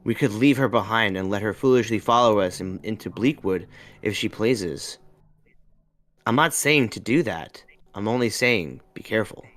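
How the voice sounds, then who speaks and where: A man reading aloud as a cautious female companion, giving quick, hushed warnings in his own plain voice. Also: on the low side, lightly acted. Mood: wary.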